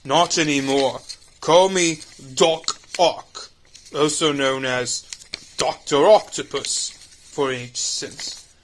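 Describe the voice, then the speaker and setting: A man's voice: on the high side, steady tone, slow pace, slight background noise. Doctor Octopus, a man putting on an Irish accent. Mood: smug. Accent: put-on Irish. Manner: smug and theatrical. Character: elderly male octopus-themed mad scientist. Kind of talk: fan audio drama.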